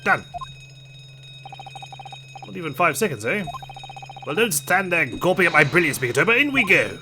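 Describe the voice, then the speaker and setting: A man's voice: a little high, very animated, normal speed, background noise, pitched above the performer's own voice. Man doing a pompous detective. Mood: smug. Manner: grandiose, theatrical. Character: pompous eccentric male British detective. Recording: game music behind voice.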